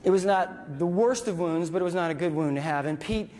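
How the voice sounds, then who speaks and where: A man and military veteran telling a story to an audience, animated and acting out dialogue and sound effects. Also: high-pitched, brisk. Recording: long reverb from a hall.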